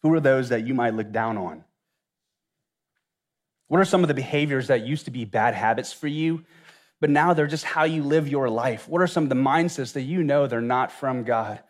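A man's voice: mid-range voice, normal speed. A man from Louisiana, preaching an earnest sermon and asking the listeners many reflective questions. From Louisiana, USA. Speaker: pastor.

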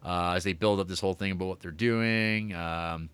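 A man co-hosting a casual podcast, rambling about horror movies with lots of fillers, swearing and excited tangents. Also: sits low, normal speed, clean tone. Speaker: podcast co-host reviewing movies. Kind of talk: casual chat.

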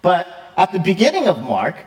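A male pastor preaching a conversational sermon, lively and quick, with fillers and frequent "right?" check-ins. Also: sits high. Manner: quick, with fillers and self-corrections.

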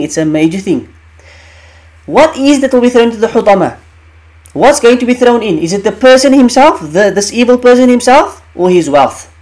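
A man's voice: high-pitched, darkish tone. Man, Quran teacher, emphatic, rhetorical questions, repeats key phrases. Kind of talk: explaining Quranic verses.

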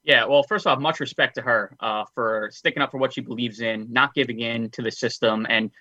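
A man's voice: mid-range voice, steady tone, brisk, pushed and bright, no echo, muffled recording. A man co-hosting a casual wrestling podcast, rambling a bit and using lots of filler words. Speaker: podcast co-host.

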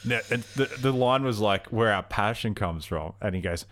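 Aussie bloke with a lowish voice, telling long stories on a film podcast. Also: male voice, fairly quick, few pauses, a bit bright, a little hiss or hum. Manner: rambling anecdotes, acts out quotes. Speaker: podcast co-host. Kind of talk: casual movie chat with storytelling.

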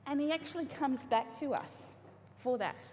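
A woman's voice: sits high, normal speed, slight background noise. Chatty woman preaching in a reverberant church hall. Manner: chatty, warm humor, frequent ums and restarts. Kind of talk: casual sermon. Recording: live church hall reverb, faint ambience.

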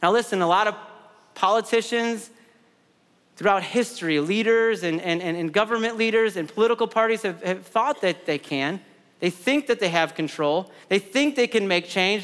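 A man's voice: high-pitched, a bit bright, smooth, long reverb tail. A man in his thirties preaching a sermon in a conversational way, repeating words and adding side stories. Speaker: pastor.

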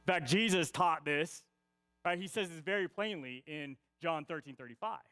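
With a fairly high, bright voice that is forceful, clear, and resonant, a pastor preaches at a moderate pace without echo. The sermon feels conversational as he checks in with "right?" after his points and repeats key lines to stress them.

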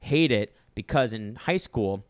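A man's voice: fairly low pitch, lively intonation, measured pace, smooth, dry recording. A young man co-hosting a podcast, telling a story in casual chat and acting out other people's lines.

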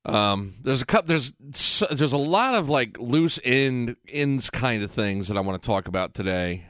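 A man's voice: medium pitch, expressive, a little slow, fairly bright tone, clear, resonant tone, no room sound. A man hosting a radio show, talking in a loose, rambling, profane monologue. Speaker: radio host. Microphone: radio studio mic. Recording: dry close studio sound.

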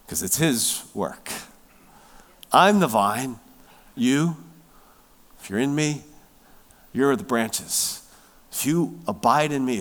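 A man preaching a sermon, emphatic, swinging from loud stressed words down to hushed near-whispers. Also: mid-range voice. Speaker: pastor.

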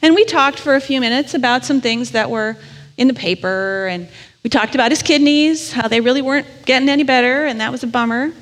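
A woman's voice: sits high, brisk, fairly bright tone. A woman preacher telling a story in a sermon, in a conversational, candid and self-deprecating way. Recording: long reverb of a large hall.

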